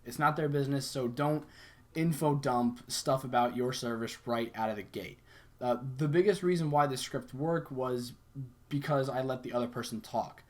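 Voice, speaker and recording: A man's voice: mid-range voice, normal speed. A young adult man giving a casual, conversational sales lesson, acting out sample phone lines as he explains them. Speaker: sales coach. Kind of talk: casual instructional talk.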